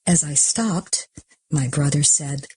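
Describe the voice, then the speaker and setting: A woman reads an audiobook in a husky, breathy voice, dropping often into a half-whisper. Her tone is mellow and low-pitched, and the sound is dry and close. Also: slow, dry recording. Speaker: audiobook narrator. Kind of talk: audiobook reading.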